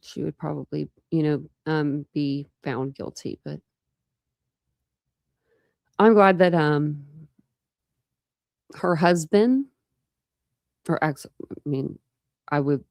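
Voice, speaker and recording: Woman, livestream host, rambling casual chat, gravelly fry, dry close sound. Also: deep voice, takes it slowly, pauses often, darkish tone, no room sound. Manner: rambling and chatty, with many fillers and restarts. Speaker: true crime livestream host.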